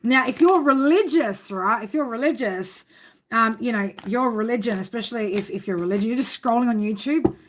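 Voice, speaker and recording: A woman with a slightly high voice talks briskly over a faint hiss or hum. She's reading tarot on a live stream, chatting casually with viewers, rambling, swearing a lot, and laughing often.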